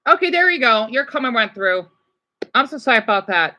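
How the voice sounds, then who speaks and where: A woman livestreaming, reacting to videos and chat, swinging between furious rants and quiet apologies. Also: a little high, big pitch swings, fairly quick, highs cut off.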